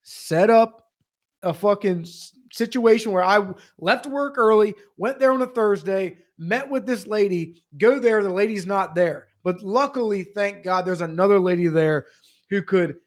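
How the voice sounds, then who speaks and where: High-voiced man ranting profanely. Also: normal speed. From Pennsylvania. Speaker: podcast co-host. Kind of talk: casual comedic storytelling.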